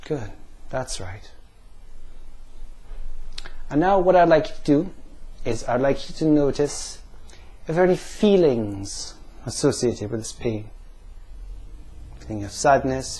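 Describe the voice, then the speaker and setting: A man leading listeners through a guided pain-visualization exercise, asking slow, calm questions with pauses. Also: mid-range voice, slightly rough. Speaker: NLP practitioner.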